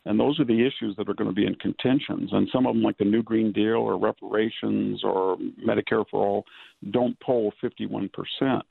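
An older man, a historian and author, giving measured, analytical answers in a political interview from rural California. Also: on the low side, fairly even intonation, creaky, slightly rough, dry recording. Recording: dry phone-line audio.

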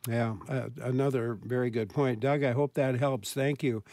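A man's voice: medium pitch, steady tone, normal speed, a little mellow, no room sound. A man hosting a call-in talk program who passes questions to his guests in an easygoing, hesitant way with many fillers. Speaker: radio talk show host.

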